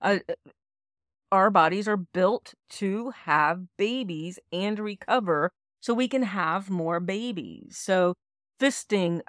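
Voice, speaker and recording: A woman's voice: mid-range voice, takes it slowly, dry recording, studio quality. A woman co-hosting a casual podcast, talking frankly and laughing often. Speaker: podcast co-host.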